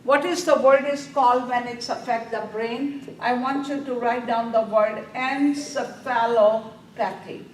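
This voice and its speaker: A slow-spoken woman, lecturing a nursing review class. She keeps asking her students questions and answering them herself, pressing each point home. She is recorded from across an echoey classroom, with faint room noise behind her. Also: on the high side, fairly even intonation, recorded from a distance. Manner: quizzing students with repeated questions, slow and emphatic. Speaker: nursing exam instructor.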